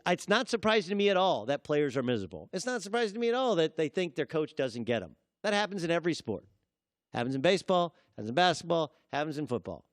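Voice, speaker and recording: A man's voice: fairly high pitch, dry recording, studio quality. A man hosting a sports talk show, delivering an emphatic opinion monologue and acting out quotes in different voices.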